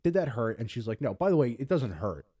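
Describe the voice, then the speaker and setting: A man from Pennsylvania tells a long, loose story on a casual podcast, swearing freely and slipping into voices for the people in it. His voice is mellow and dark, at an ordinary pitch. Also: sing-song, fast, slightly rough. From Pennsylvania, USA. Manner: rambling, profane, acts out voices in his stories. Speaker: podcast co-host.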